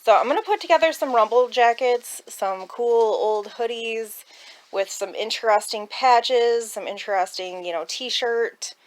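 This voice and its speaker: A woman's voice: on the high side, unhurried. A woman chatting casually at home about her thrift haul, rambling and laughing often. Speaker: thrift reseller vlogger. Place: at home indoors.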